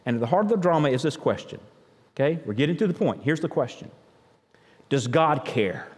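A man preaching a sermon as pastor, chatty and thinking out loud, often repeating words as he goes. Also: fairly high pitch, expressive, fast. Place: church sanctuary. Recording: long reverb of a large church.

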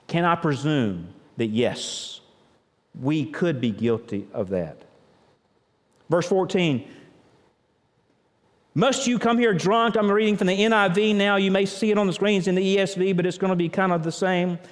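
A man preaching a sermon as pastor, chatty and thinking out loud, often repeating words as he goes. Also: sits high, normal speed. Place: church sanctuary. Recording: long reverb of a large church.

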